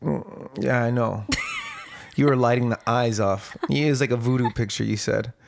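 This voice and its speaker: Low gravelly young woman joking around. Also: fairly even intonation, normal speed. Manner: jokey, profane, exaggerating for laughs. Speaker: podcast co-host. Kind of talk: casual podcast banter.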